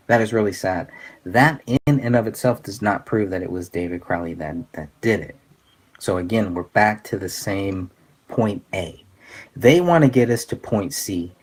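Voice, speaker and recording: Male host, lowish voice, earnest and halting, casual commentary, thinks aloud with pauses. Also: slightly rough. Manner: halting, many fillers and restarts, earnest. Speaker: podcast host.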